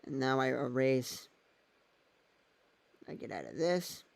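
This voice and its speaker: A man's voice: medium pitch, sing-song, takes it slowly, vocal fry, a little mellow, no room sound. A man vlogging in a casual, rambling way, thinking aloud as he goes. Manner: thinks aloud while using his phone and laptop, meandering.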